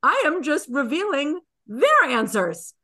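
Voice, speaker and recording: A woman's voice: high voice, wildly swooping pitch, measured pace, sharp tone. A woman co-hosting a podcast as a coach, talking in a chatty, emphatic way with lots of fillers. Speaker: podcast co-host and women's coach. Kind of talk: casual podcast chat.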